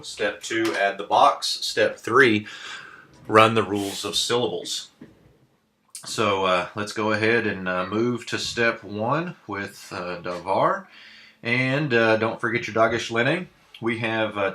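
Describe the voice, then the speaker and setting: A man teaching a recorded grammar lesson, speaking haltingly with many fillers and a patient manner. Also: fairly low pitch, sharp tone.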